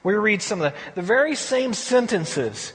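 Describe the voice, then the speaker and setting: A man's voice: high-pitched, big pitch swings, a little slow, fairly bright tone, in a large hall. A man giving a conversational verse-by-verse Bible study, often repeating words as he thinks. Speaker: Bible teacher.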